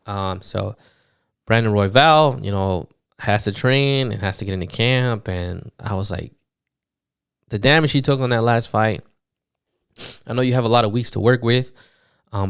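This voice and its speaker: A man recapping fights on his podcast in a loose, animated monologue, swearing often and full of fillers. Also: lowish voice, clear, resonant tone, dry recording, studio quality. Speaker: podcast host.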